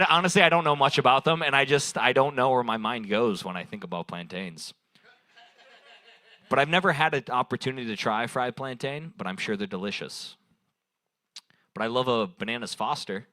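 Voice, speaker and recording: A young man talks briskly in a medium-pitched, bright, forceful voice, captured dry. It's improvised stand-up crowd work at an open mic on a small bar stage, where he rambles loosely, swears, and laughs at his own jokes into a handheld stage mic.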